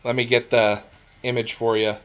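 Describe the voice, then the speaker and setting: A man running a tabletop game as game master, narrating in an unhurried way and often chuckling. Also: mid-range voice, flat delivery, a bit bright, highs cut off, faint music behind.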